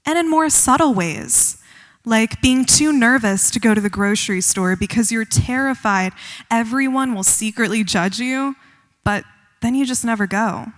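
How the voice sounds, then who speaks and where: Young woman reading a poem calmly. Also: fairly high pitch, long reverb tail. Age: young adult. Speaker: student poet. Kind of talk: poetry reading on stage. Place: concert hall stage.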